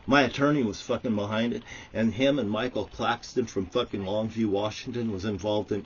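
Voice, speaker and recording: A man's voice: on the low side, fairly even intonation, fairly quick, hardly any pauses, slightly rough. A man giving an angry, profanity-filled monologue to the camera, ranting and swearing constantly. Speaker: vlogger. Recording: dull lo-fi audio.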